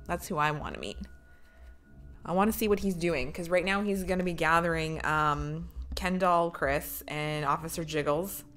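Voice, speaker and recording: A woman's voice: sits low, normal speed, a bit bright, soft background music. A woman streamer talking casually with her viewers, joking and swearing freely.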